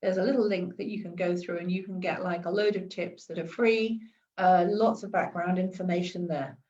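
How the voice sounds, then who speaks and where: A woman's voice: on the low side, fairly even intonation, normal speed, a little mellow, far from the mic, muffled recording. A woman giving chatty advice in a live stream, often repeating and restarting words. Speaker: wellness coach.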